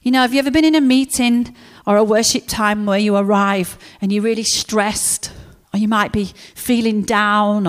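A woman preaching a sermon, telling stories in a lively way and acting out the characters. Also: medium pitch.

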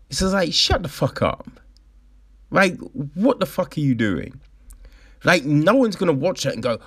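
A man's voice: on the high side, very animated, unhurried, pauses often, a bit bright, slightly rough, no room sound, clean studio sound. A man in casual, profane commentary, ranting sarcastically and mocking the people he talks about.

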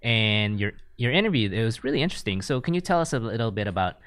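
A man's voice: on the low side, lively intonation, fast talker, a bit bright, clear, resonant tone, no room sound. A man from the United States hosting a podcast interview, laid-back, telling stories and laughing often. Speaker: podcast host. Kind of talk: casual interview chat.

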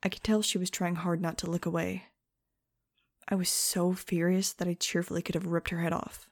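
A woman reads a novel aloud in the first person. Her delivery is sarcastic and chatty, as if confiding in the listener. Her voice is slightly low, with a rough, gravelly texture. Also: flat delivery, moderate pace, dry recording, studio quality. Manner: sarcastic, wisecracking and conversational. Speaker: audiobook narrator. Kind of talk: first-person audiobook narration.

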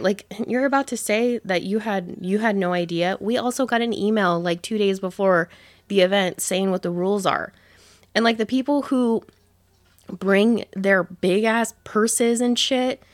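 A woman's voice: medium pitch, moderate pace, no echo, studio quality. Rambling, profane woman in her thirties. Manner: rambling, profane, many fillers. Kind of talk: casual storytelling monologue.

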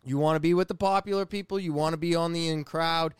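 A man in his forties from New England telling a personal story in a casual, profane, animated way, often restarting his sentences. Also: a little high, fast, smooth, no echo, studio quality. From New England, USA. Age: 40s.

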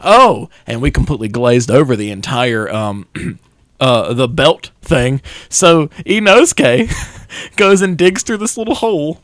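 A man's voice: mid-range voice, expressive, measured pace, fairly bright tone, no echo. A young man co-hosting a podcast, animatedly recapping an anime in casual chat and acting out the characters' lines. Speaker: podcast co-host.

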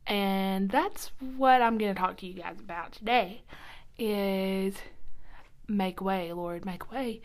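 A woman hosting a casual devotional podcast, chatty and upbeat, often dropping to a soft whisper, recorded in a quiet church nursing room. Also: mid-range voice, slow. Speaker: podcast host.

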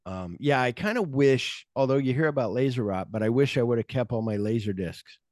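A podcast host chats casually about movies, rambling loosely and using plenty of filler words. His mid-range voice is expressive, a little fast and a little mellow. The recording is dry and studio quality.

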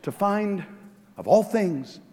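High-voiced male pastor preaching in a hall. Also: big pitch swings, slow, slight background noise. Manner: preaching, swinging from hushed asides to shouting. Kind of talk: sermon. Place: large church hall. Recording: long reverb of a church hall.

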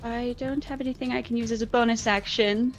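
A woman's voice: a little high, fairly even intonation, a little fast, soft background music. Giggly woman playing a tabletop game. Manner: cheerful, giggly, fumbles with numbers. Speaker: player.

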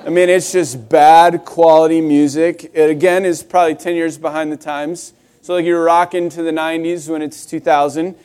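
A man's voice: high voice, steady tone, normal speed, hardly any pauses, darkish tone, clean tone. A young adult man preaching a sermon in a conversational, wry storytelling way, with frequent restarts. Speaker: pastor.

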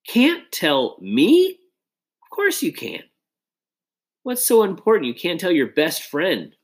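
A man's voice: high-pitched, huge pitch swings, slow, voice pushed up, exaggerated voice. A man reading aloud and voicing a chatty, teasing boy who presses his best friend with questions. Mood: indignant.

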